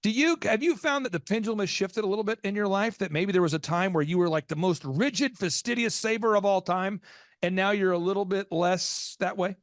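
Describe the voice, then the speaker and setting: An American man hosting a podcast, telling a long story with energy and leaping into high excited voices when he acts out his reactions. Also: fairly quick, no room sound, studio quality. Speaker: podcast host. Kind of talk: animated storytelling in a business podcast.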